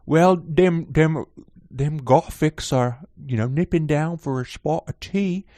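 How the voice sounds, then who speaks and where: A man's voice: a little high, slow pace, dark tone, no room sound, studio quality, voice pushed up. A man putting on a gushing teen author with a mock British drawl. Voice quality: clumsy mock British accent. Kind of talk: reading aloud in a put-on voice.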